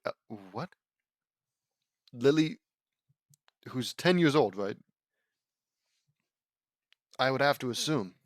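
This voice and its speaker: A man's voice: medium pitch, dry recording. Sarcastic man mocking a fanfic. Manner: sarcastic, exasperated asides, jumps to loud disbelief. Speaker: host reading and mocking a fanfic. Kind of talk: comedic audiobook reading with sarcastic commentary.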